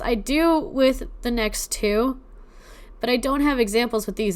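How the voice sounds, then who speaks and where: A young woman casually telling personal ghost stories on a podcast, emotional and teary-eyed at times, chatting with plenty of fillers. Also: mid-range voice.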